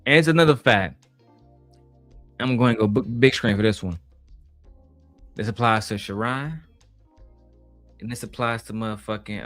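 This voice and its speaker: A man's voice: lowish voice, fairly bright tone. A man hosting a casual livestream commentary show, talking in a brash, profane, mocking way. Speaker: show host.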